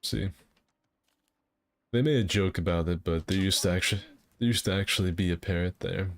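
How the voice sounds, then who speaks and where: Gaming streamer, male, very deep with vocal fry, loose self-deprecating banter. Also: moderate pace. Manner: rambling, self-deprecating chatter. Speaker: game streamer. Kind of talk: casual gameplay commentary.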